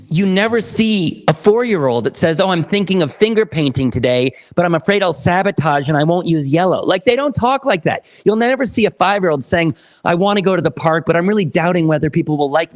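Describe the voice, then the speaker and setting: A man guesting on a podcast, telling a client story with energetic enthusiasm and acting out the dialogue. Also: fairly high pitch. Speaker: podcast guest, therapy program founder. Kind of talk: animated storytelling.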